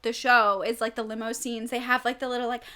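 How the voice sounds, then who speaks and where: A woman's voice: fairly high pitch, little pitch movement, fast talker, pushed and bright. A woman in her twenties co-hosting a podcast, chatting casually with lots of fillers. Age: 20s. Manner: chatty, heavy use of filler "like". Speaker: podcast co-host. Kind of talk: casual chat.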